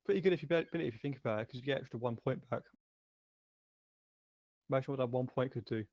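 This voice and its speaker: A man's voice: medium pitch, fast talker, a little mellow, no echo, highs cut off. A man playing in an online tabletop game, eager and explaining rules, with frequent restarts. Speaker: player. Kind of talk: casual chat during an online game.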